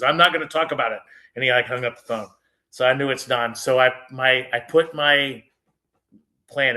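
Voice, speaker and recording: A middle-aged man from Texas telling personal stories in a casual, jokey way, speeding up for asides and slowing for reflective lines. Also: mid-range voice. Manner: animated, jokey, shifts between quick asides and slow reflective lines. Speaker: storyteller on a faith show. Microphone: video call.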